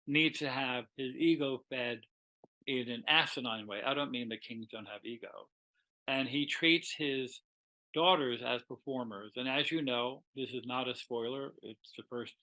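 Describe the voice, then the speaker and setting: A man lecturing on literature in a relaxed, talkative way, acting out bits of dialogue as he goes. His voice is bright and has an edge. He sits at a middling pitch for a man. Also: low-quality recording. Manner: animated, conversational retelling with quoted dialogue.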